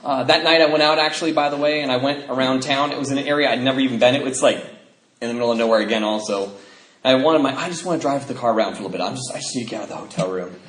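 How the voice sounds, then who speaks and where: A man from the Pacific Northwest of the US, speaking at a recovery convention, telling his story in an animated way, acting out the people in it and laughing often. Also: medium pitch, very fast. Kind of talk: storytelling talk to an audience. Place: convention hall. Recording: echoey hall, faint noise.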